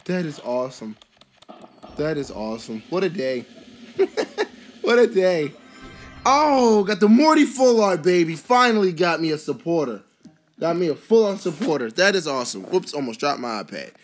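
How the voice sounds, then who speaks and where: A vlogger commentating a card pack opening in a casual, excitable way, with frequent exclamations and rambling asides full of fillers. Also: medium pitch, moderate pace, faint music behind. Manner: rambling, filler-heavy musing.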